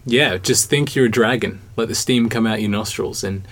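A man's voice: on the low side, moderate pace. Man hosting a chatty podcast. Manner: relaxed, joking, chatty. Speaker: podcast host. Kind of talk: casual chat.

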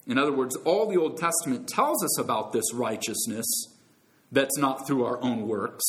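Calling out to his friends and brothers and sisters, a pastor delivers an emphatic sermon. His voice surges to loud, high peaks, then falls away low and soft.

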